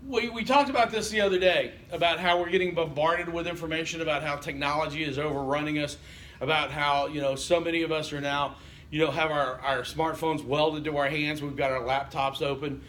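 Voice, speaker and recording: A man's voice: a little high, fairly even intonation, fairly quick, fairly bright tone, slight background noise. A male college instructor, giving a casual classroom lecture and quizzing students with lots of okays. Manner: conversational, asks the class questions, frequent okay and you know.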